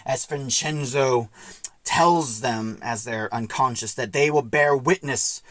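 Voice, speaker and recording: A woman's voice: very deep voice, slow pace, fairly bright tone, no room sound. A young woman casually recapping and reviewing an audio drama, retelling scenes in a chatty way with many asides.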